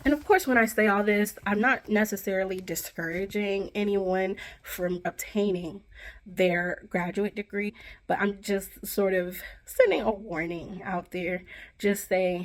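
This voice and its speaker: A woman's voice: medium pitch, moderate pace. Young woman vlogging, earnest and emphatic, lots of "you know". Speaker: vlogger, journalism graduate student. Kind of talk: personal reflective vlog.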